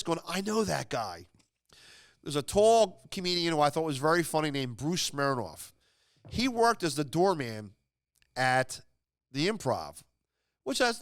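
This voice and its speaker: A man's voice: fairly high pitch, fairly bright tone, smooth, no room sound, studio quality. A man hosting a podcast, casually retelling an anecdote in a rambling, chatty way full of fillers and restarts. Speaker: podcast host.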